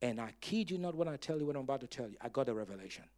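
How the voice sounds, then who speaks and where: A male pastor preaching a sermon in a dramatic style, telling stories with humor and breaking into loud bursts of emphasis as he calls on the congregation to respond. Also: medium pitch, lively intonation, rapid-fire. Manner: storytelling with humor.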